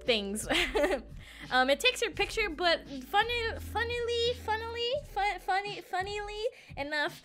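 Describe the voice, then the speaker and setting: A woman's voice: very high voice, big pitch swings, measured pace, a bit bright. A young woman vlogger casually telling a travel story, rambling and giggling self-consciously.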